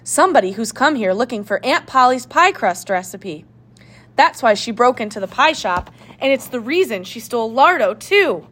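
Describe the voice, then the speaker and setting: A woman voicing a determined young girl sleuth in a storybook, brisk and commanding. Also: a little high, lively intonation, fairly bright tone.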